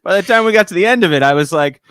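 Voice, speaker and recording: Lively, laughing man in podcast banter. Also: high-pitched, very fast, clear, resonant tone, dry recording, clean studio sound. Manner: lively, laughing, excitable chatter. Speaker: podcast co-host. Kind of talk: casual chat.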